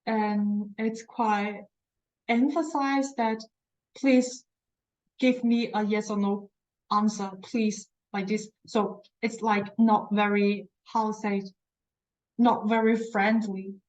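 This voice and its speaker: Slow, patient woman language teacher. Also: medium pitch, fairly even intonation, a little mellow, highs cut off, a little hiss or hum. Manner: patient, explanatory, repeats words for practice; self-correcting, searches for words. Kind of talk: online language lesson.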